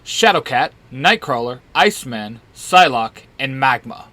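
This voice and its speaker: A man reading as Professor X, a calm old mentor. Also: medium pitch, unhurried.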